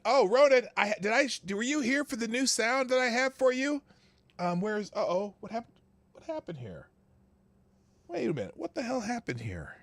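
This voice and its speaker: Male livestream host, chatty, higher-pitched, lively delivery, dry room. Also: no echo. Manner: chatty, laughs to himself, reads names off chat. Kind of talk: casual live-chat greetings.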